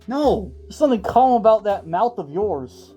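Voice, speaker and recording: A woman's voice: medium pitch, big pitch swings, unhurried, warm tone, muffled recording, faint music behind. A woman doing satirical reaction commentary, mocking and indignant, firing off rhetorical questions. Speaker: comedic character host reacting to videos.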